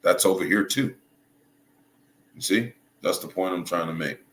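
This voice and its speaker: Low-voiced male commentator, stop-start and casual, recorded in a reverberant room with a light noise floor. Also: a bit bright. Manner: halting, restarts and hunts for words, checks in with "right?" and "you see?". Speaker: religious commentator. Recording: echoey room with faint noise.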